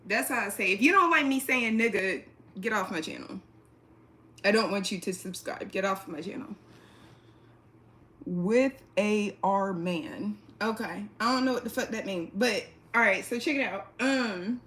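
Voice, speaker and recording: A woman hosting a casual livestream from her apartment, talking straight into a phone or webcam, blunt and profane, laughing quickly and reading the chat aloud. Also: mid-range voice, a bit bright. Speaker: livestream host. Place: indoors at home, an apartment.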